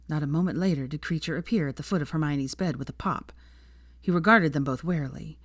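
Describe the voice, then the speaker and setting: Female narrator, low register, measured and expressive, dry booth sound. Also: dry recording. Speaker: fanfiction narrator. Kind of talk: scripted narration.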